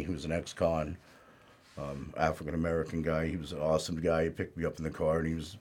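A man's voice: extremely low pitch, a little mellow, husky. A man speaking as an interview guest, telling his life story in a plainspoken, rambling way with lots of "you know".

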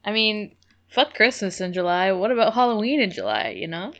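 Creaky-voiced sweary woman podcast co-host. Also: mid-range voice, a little fast. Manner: swears freely, laughs a lot, deadpan jokes. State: itchy eyes from allergies. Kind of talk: casual chat.

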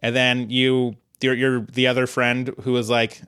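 Man, podcast co-host, joking riffs, bright tone, dry close sound. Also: mid-range voice, completely flat delivery, unhurried, clean tone, no echo. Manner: joking, riffs in quoted bits. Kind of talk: casual podcast chat.

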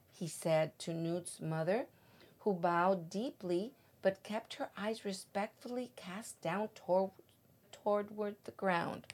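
Older woman from Mexico, guest storybook reader; gentle, very slow read-aloud. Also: medium pitch. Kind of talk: reading a picture book aloud.

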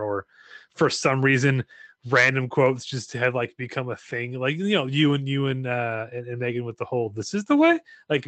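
A man's voice: mid-range voice, a bit bright, no room sound. A man in his thirties co-hosting a casual podcast chat, joking and rambling with many restarts. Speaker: podcast co-host.

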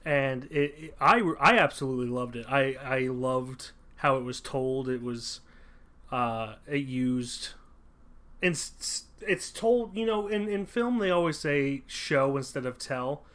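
This podcast co-host, a man with a medium-pitched, slightly bright voice, talks about movies in an unhurried way. He rambles with plenty of fillers and restarts, recorded in a room at home with poor acoustics.

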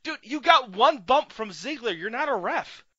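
A man's voice: very high-pitched, moderate pace, no room sound. A man co-hosting a wrestling review podcast, animatedly setting up the matches in casual chat. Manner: animated, sets up matches and mimics excited announcers. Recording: dry, dull lo-fi audio.

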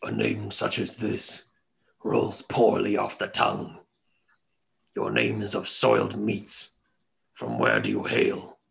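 A man voicing a proud ancient lion-man king who speaks slowly and with disdain. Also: fairly low pitch, lively intonation, creaky, fairly bright tone, voice pushed down, full character voice. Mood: disdainful. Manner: slow, haughty and disdainful.

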